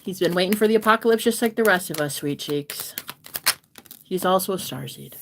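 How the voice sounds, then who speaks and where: A young woman giving a casual tarot reading to her viewers, playful and talkative, swinging between loud bursts and soft whispered asides. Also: on the low side, expressive, a little fast, creaky, background noise. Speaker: tarot reader and streamer.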